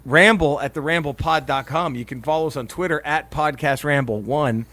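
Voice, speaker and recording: A man's voice: fairly high pitch, normal speed, bright, forceful tone. A man co-hosting a podcast in casual banter, profane and joking, laughing often and restarting his sentences as he rambles. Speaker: podcast co-host.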